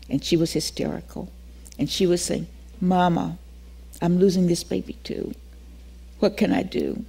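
An older woman leads a Bible class and shares a story from her own life. She tells it with lively energy, acts out each exchange, and laughs easily as she talks. Her voice sits at an ordinary middle pitch for a woman. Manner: animated storytelling, acts out dialogue, laughs often. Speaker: Bible teacher. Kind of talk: teaching class with personal testimony.

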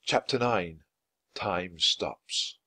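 A man reading a children's book aloud, with expressive, lively narration. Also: deep voice, drawn-out words, husky, no echo. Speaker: storyteller.

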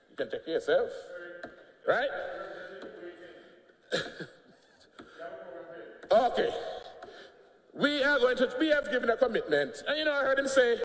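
An older man with an Antiguan accent giving a combative, mocking speech in parliament. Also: extremely high pitch. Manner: combative, mocking, laughing jabs. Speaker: politician speaking in parliament. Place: parliament chamber. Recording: echoey chamber, long reverb.

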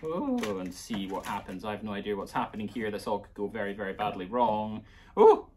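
A man's voice: lowish voice, animated, brisk, warm tone. A man with a Scottish accent teaching a playful children's music lesson, coaxing young listeners along.

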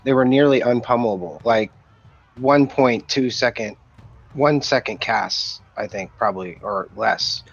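A man's voice: mid-range voice, unhurried, gravelly, muffled recording. A man chatting casually and profanely with teammates about a match he is playing. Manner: relaxed, profane, fillers. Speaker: gamer in team voice chat. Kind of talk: casual game chat.

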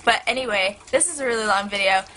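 A teenage girl chatting excitedly to her camera, rambling and full of "like". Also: medium pitch, fast talker, rough recording. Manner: excitable, rambling, heavy use of "like". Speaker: vlogger. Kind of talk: casual chat to camera. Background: turtle tank filter hum.

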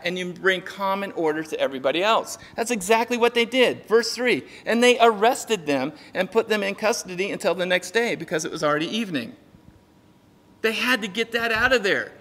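A man preaches a sermon from the pulpit, his voice high and bright. He jokes and acts out little dialogues, swinging his pitch widely. The sound carries a long reverb from the church hall. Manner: lively, jokey preaching with acted-out dialogue. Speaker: pastor. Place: church sanctuary.

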